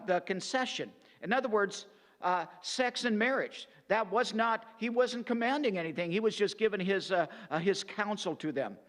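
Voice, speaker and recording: A high-pitched male pastor walks a class through a verse, weighing each translation with many "uh" fillers and restarts. His voice carries a long reverb from the church hall. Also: a bit bright. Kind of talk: verse-by-verse Bible teaching. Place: church sanctuary.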